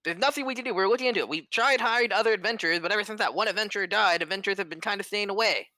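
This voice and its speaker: A man's voice: sits high, racing, sharp tone, dry recording, voice pushed up. A man voicing a flustered, defensive male catfolk town lord who stammers.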